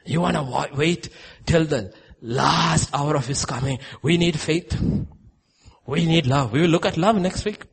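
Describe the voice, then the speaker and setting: A male preacher delivering a sermon, telling stories and swinging between loud emphasis and hushed lines. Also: fairly high pitch, measured pace, vocal fry, husky.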